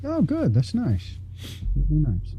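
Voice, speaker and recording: A man chatting on air as a regular co-host, deadpan and dry, on dull lo-fi audio. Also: fairly high pitch, slow, a little hiss or hum. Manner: deadpan, puts on a flat monotone bit. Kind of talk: casual on-air chat.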